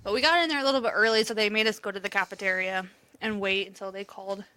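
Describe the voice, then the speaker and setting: A woman's voice: mid-range voice, steady tone, fast, pushed and bright, clear, resonant tone. A woman co-hosting a podcast, telling an emotional story in casual chat, swearing freely and laughing often. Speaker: podcast co-host.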